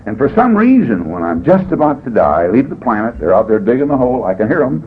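An older man sharing his story at a recovery meeting, folksy and jokey in an animated storytelling way. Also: medium pitch, fast. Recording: dull lo-fi tape with faint hiss.

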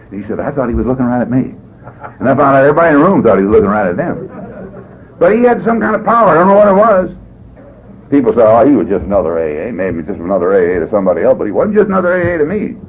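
An older man sharing his story at a recovery meeting, folksy and jokey in an animated storytelling way. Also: medium pitch. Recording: dull lo-fi tape with faint hiss.

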